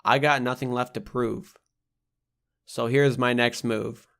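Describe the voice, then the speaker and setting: A man's voice: medium pitch, fairly even intonation, slow, gravelly, fairly bright tone, smooth. A young man reading his own spoken-word poetry aloud, in a rhythmic, rhyming delivery full of blunt swearing.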